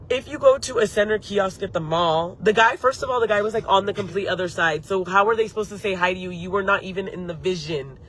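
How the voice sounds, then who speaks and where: A woman tells a story live to her viewers, heated and full of swearing. Her voice is bright and sharp. She keeps breaking off to answer comments from the chat. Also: medium pitch, brisk, hardly any pauses, slight background noise. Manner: heated, profane, talks straight to viewers. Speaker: beauty channel host. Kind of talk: live-streamed story time.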